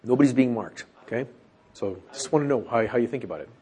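A man leading a Bible study group, teaching and asking questions, animated as he acts out quoted lines. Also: mid-range voice, quick pace.

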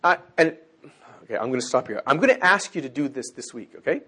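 Male preacher, husky and lively, big dynamic swings between shouts and hushed asides. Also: medium pitch, quick pace. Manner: animated, swings from loud exclamations to near-whispers. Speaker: teacher. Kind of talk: sermon.

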